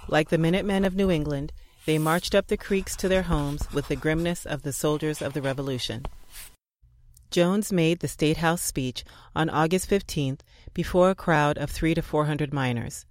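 A man reading a scripted historical narration in a measured, earnest way. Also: a little high, poor audio.

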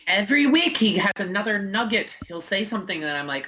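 Guy cohost, eager and agreeable, bright tense-ish voice, casual podcast chat. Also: high voice, very animated, fairly quick. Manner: enthusiastic, agreeable, chimes in briefly. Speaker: podcast co-host.

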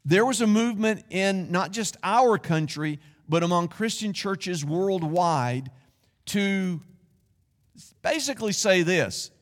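A man's voice: sits high, lively intonation, slow pace, in a large hall. A man preaching a sermon as pastor, speaking in a conversational way with folksy asides. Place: church sanctuary.

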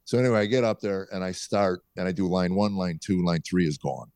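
Man, middle-aged, comedian guest, lively storyteller, low voice, dry close sound. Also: fairly quick, no room sound. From small town south of Chicago, USA. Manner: lively storyteller, acts out voices in his anecdotes. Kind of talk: storytelling anecdotes in a podcast interview.

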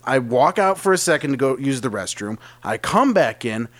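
A man's voice: medium pitch, normal speed. A man co-hosting a comedy podcast, swearing a lot and ranting in mock anger. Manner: animated, profane, mock-angry rants. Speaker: podcast co-host. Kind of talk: improvised comedy banter.

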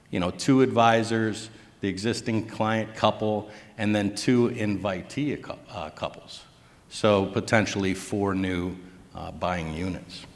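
A man on a business panel, talking casually and hesitantly, with many fillers as he explains. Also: lowish voice. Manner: hesitant, full of "uh" and "you know". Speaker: business development director, panel guest. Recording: long reverb in the room.

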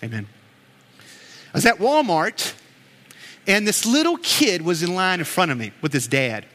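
A man's voice: sits high, sing-song, measured pace, sharp tone. A middle-aged man preaching a sermon as pastor, earnest and emotional, telling stories between prayers in a church. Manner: earnest, emotional, with storytelling asides. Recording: echoey hall with long reverb.

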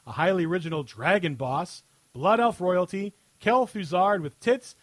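A man's voice: high-pitched, normal speed, hardly any pauses, no echo. A man hosting a podcast, reading a satirical article aloud in a sarcastic tone and often breaking into laughter. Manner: reads with frequent laughter, sarcastic. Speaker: podcast host.

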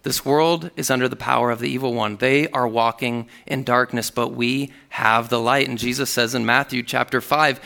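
A man's voice: medium pitch, steady tone, normal speed, creaky, few pauses, sharp tone. A man preaching a sermon, reading scripture aloud with earnest emphasis.

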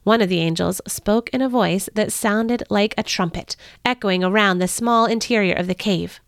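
A woman hosting a podcast, telling a Bible story in the first person in an earnest, expressive way. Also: mid-range voice, moderate pace, vocal fry, no room sound, studio quality.

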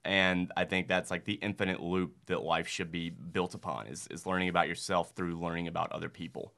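Low-sitting and steady, his voice moves fairly quickly, carrying vocal fry and a fairly bright quality. He's a thirtysomething podcast guest from Mississippi, USA, earnest and rambling in casual conversation, with "like" peppered throughout.

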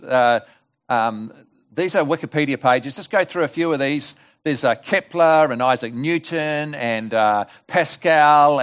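A man preaching a lively, conversational sermon at a church service, often asking the congregation questions. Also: a little high. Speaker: guest preacher.

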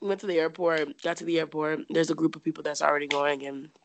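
A woman's voice: deep voice, flat delivery, fast, gravelly, a little hiss or hum. A young woman from the United States casually telling a personal story as an interview guest, chatty, with many fillers and frequent laughs.

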